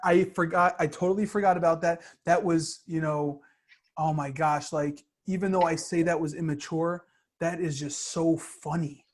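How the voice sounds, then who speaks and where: A young man co-hosting a podcast in casual chat, an excitable storyteller with slangy speech who laughs along. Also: a little high, normal speed. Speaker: podcast co-host.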